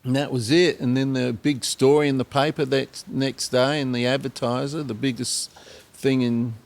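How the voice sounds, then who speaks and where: An Australian man, a singer-songwriter guest, telling rambling anecdotes with many pauses and acted-out quotes. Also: mid-range voice, little pitch movement. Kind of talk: storytelling in a podcast interview.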